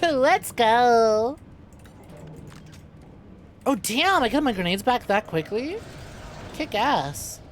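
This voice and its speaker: A woman's voice: a little high, animated, slow, pauses often, a little hiss or hum. A young adult woman streaming a game, chatting playfully with her viewers and laughing often. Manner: playful, laughing, talks to chat as y'all. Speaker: VTuber streamer. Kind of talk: casual gameplay streaming chat.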